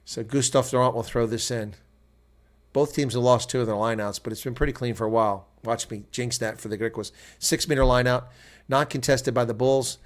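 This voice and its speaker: An American man with a mid-range voice calls a rugby match live as a reaction stream. He chats casually with his viewers between plays. He erupts into loud shouts when the action heats up. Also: mid-range voice, fairly quick. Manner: excitable, jumps to loud shouts at big plays; chatty asides to viewers. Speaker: host. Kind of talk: live reaction play-by-play commentary.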